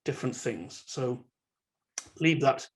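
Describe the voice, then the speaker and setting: Man, mid-pitched, informal lecturer for an online training session, chatty with ums and false starts. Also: animated, slow. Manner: conversational, with frequent fillers and restarts. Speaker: university lecturer. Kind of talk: online webinar talk.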